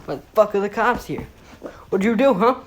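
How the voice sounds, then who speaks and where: A woman doing a gruff, furious father. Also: medium pitch, animated, pitched above the performer's own voice, close to an everyday voice. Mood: angry scolding. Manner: scolding, profane, fast barrage of questions. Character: gruff angry adult man, a student's father.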